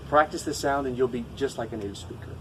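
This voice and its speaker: A man who speaks English natively, teaching a pronunciation lesson to camera, patient and repeating each example slowly. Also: mid-range voice, fairly bright tone, distant mic, slight background noise, low-quality recording.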